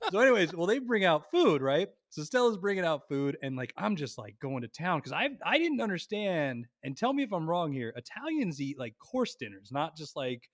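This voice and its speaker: A young man on a podcast, telling a long family story in a lively, animated way and swearing freely. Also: a little high, moderate pace, few pauses, no room sound, studio quality. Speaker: podcast co-host. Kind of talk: casual storytelling chat.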